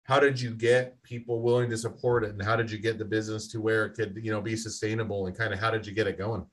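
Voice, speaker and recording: A man's voice: on the low side, flat delivery, quick pace. A man hosting a podcast interview, talking in a thoughtful, rambling way with fillers. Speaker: podcast host. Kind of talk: interview conversation.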